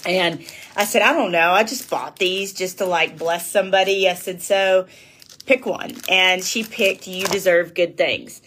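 A woman's voice: lowish voice, measured pace, a bit bright, slight background noise. A woman who works as a public speaker, telling a rambling personal story in a chatty way and calling her listeners y'all. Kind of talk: casual storytelling.

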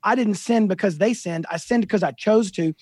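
High husky guy in his 50s, chatty self-deprecating stories, dry close mic. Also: moderate pace, dry recording. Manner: animated, self-deprecating storyteller. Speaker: guest author. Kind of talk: casual storytelling interview.

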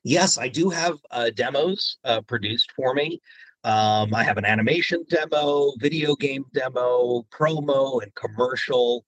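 A man being interviewed as a guest voice actor, telling stories in an animated way and slipping into quoted voices. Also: mid-range voice, measured pace, no room sound, dull audio. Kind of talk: interview storytelling.

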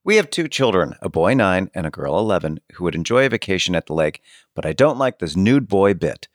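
A man co-hosting a podcast with a fairly low voice that moves up and down a lot. He reads old letters aloud and drops wry asides in a laid-back way. The recording is close and dry. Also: sing-song, a little fast, no echo. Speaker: podcast co-host. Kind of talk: casual chat and reading old letters aloud.

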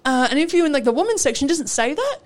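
A woman's voice: sits high, very animated, fast talker. A young Australian woman co-hosting a show, telling a story in casual chat, acting out the dialogue and laughing often. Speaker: radio show co-host.

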